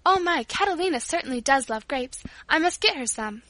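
An excited little girl from a storybook, bright and high, bursting with eager exclamations, as a woman reader puts her on. The sound is close and dry, with no room around it. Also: brisk, no room sound.

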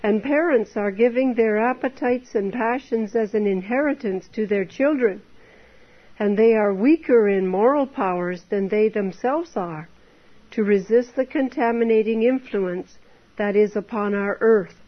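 A woman's voice: mid-range voice, unhurried. A woman preaching an earnest temperance sermon, exhorting her listeners with many rhetorical questions. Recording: dull lo-fi recording.

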